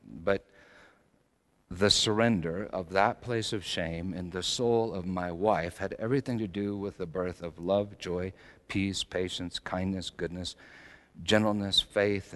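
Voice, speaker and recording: A middle-aged male pastor preaching a sermon, swinging between loud emphatic lines and soft, low asides.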